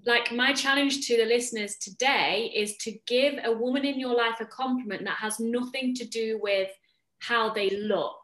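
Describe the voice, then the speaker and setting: A woman's voice: fairly high pitch, fairly even intonation, normal speed, fairly bright tone. A woman hosting a podcast, chatting casually and gushing with compliments for her guest. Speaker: podcast host. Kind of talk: casual interview chat. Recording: roomy echo.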